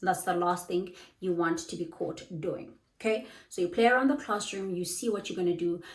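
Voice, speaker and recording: Her voice on the low side and her speed normal, a young South African tutor of English online shares casual advice on teaching. She's bubbly and lively and acts out small dialogues, heard in a low-quality recording with a roomy sound.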